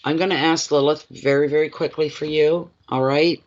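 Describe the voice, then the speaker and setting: A man's voice: fairly high pitch, fairly even intonation, moderate pace, highs cut off. A man reading tarot live for viewers, addressing each one by name and often repeating his phrases. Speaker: tarot reader.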